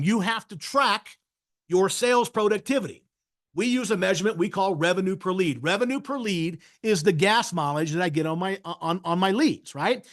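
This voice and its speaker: A man's voice: sits high, fairly bright tone. A man giving a sales training webinar, talking emphatically and often checking in with "right?". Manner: emphatic, frequently tags points with "right?". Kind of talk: webinar masterclass talk.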